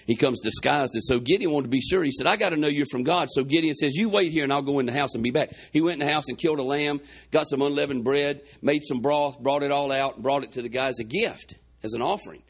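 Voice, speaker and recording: Gravelly-voiced man preaching a sermon. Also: medium pitch, fast talker, few pauses. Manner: folksy, retells scripture with quoted dialogue. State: chest congestion. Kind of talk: sermon storytelling.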